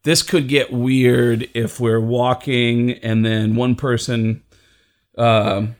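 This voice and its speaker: A middle-aged man casually telling a comedy story, acting out the people he quotes with big jumps in pitch. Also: level tone, slow. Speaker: comedian guest.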